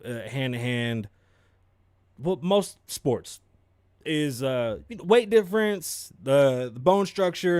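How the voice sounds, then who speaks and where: A young man hosting a podcast, giving animated, profane sports commentary and mocking people in put-on voices. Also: mid-range voice, dry recording. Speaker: podcast host. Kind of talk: casual commentary.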